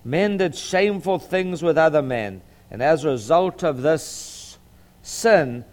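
A middle-aged Southern California lawyer teaches the Bible in an earnest, sermon-like style, with a mid-range, slightly mellow voice. He often repeats words and fills pauses with "um."

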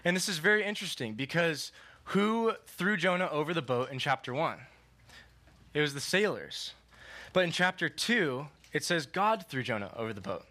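A young man giving a sermon in a relaxed, conversational way, telling a story and checking in with listeners. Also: fairly high pitch, moderate pace. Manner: casual, conversational, lots of "like" and "okay". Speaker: preacher.

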